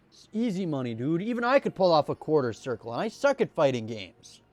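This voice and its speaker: Animated man reading game dialogue aloud. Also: a little high, brisk, hardly any pauses, no room sound. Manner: animated reading with stumbles and restarts. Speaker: streamer.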